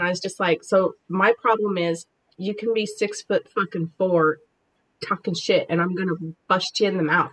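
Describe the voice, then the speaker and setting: A woman's voice: medium pitch, fairly bright tone, a little hiss or hum, low-quality recording. A woman in her forties, a podcast guest, telling combative stories in a brash, profane way. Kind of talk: casual chat.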